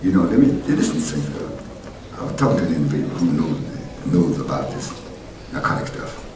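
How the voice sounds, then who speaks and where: Deep-voiced preaching pastor in echoey church. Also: male voice, a little fast. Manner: animated preaching, rising to loud exhortation then dropping low. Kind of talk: sermon. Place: church sanctuary. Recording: echoey church heard from a distance with noise.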